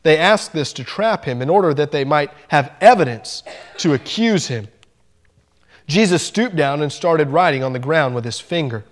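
A male preacher delivering a sermon with a voice set high for a man. He tells his story in an animated way, slowing down and leaning on key phrases for emphasis.

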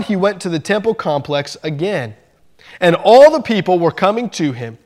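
A man preaching a sermon, telling a story in an animated way and slowing down to stress his points. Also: high-pitched. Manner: storytelling, animated, slows down for emphasis.

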